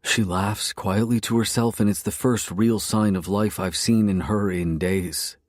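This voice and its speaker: A man reads a dark romance story in the first person, his voice sitting very low. The delivery is brooding and intense. The sound is dry and close to the mic. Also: fairly even intonation, measured pace, dry recording. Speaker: narrator.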